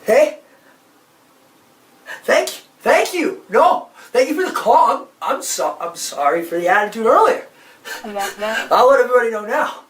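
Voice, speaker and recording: A man voicing a brash, hot-headed guy who talks loudly, recorded in a roomy space away from the mic. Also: very high-pitched, sing-song, unhurried, pauses often, recorded from a distance, exaggerated voice. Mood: stunned.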